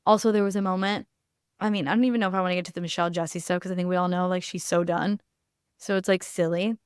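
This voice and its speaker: A young woman podcaster talks through her opinions in loose, casual chat, blunt and animated, swearing freely and filling with "like." Her voice is smooth and clear. The sound is close and dry, with no room around it. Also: lowish voice, fast, no room sound. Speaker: podcast host.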